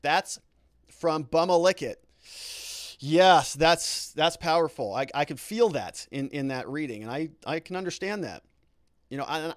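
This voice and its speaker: A man's voice: on the high side, dry recording, studio quality. A man hosting a live commentary show, reading viewer comments aloud and reacting with indignant, sarcastic asides. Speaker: lawyer and show host.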